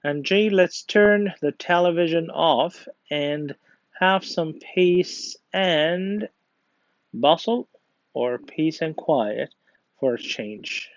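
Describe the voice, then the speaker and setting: A man's voice: a little high, animated, slow, no room sound. A male English teacher with an Egyptian accent, patiently going through grammar exercises and praising the class. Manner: patient, encouraging, reads exercises aloud. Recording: dull lo-fi dry recording.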